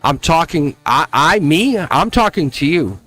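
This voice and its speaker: A man giving a live-stream tarot reading, emphatic and animated, laughing often and slipping into a scolding teacher tone. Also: a little high, unhurried, no echo, soft background music. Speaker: tarot reader.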